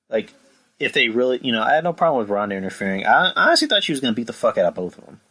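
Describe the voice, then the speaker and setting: Brief: profane podcast host, lowish bright voice, rambling and worked up. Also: male voice, animated, very fast, rough recording. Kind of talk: casual wrestling review podcast.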